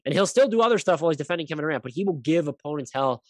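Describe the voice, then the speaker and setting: A man's voice: fairly high pitch, expressive, very fast, darkish tone, no echo. A man hosting a basketball podcast, talking casually in a rambling way, often correcting himself, stammering through details and swearing now and then.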